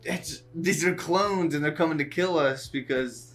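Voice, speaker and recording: A man's voice: on the high side, moderate pace, a bit bright, soft background music. A man co-hosting a casual podcast chat, easygoing, asking questions and laughing often. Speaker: podcast co-host.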